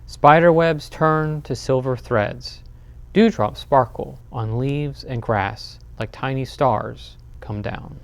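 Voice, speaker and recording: A man voicing a gentle mother owl who speaks softly and soothingly. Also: mid-range voice, slow.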